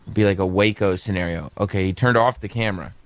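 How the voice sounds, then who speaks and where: A man hosting a radio show, deadpan and wry as he plays along with the bit. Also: low voice, fast. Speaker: radio host. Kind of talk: casual radio banter. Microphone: studio microphone.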